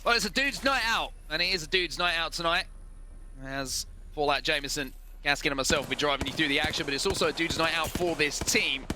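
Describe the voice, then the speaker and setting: A young British man doing fast, excitable play-by-play commentary on an esports match. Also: noisy background. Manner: fast, excitable play-by-play, jumping into higher exclamations. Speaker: esports caster.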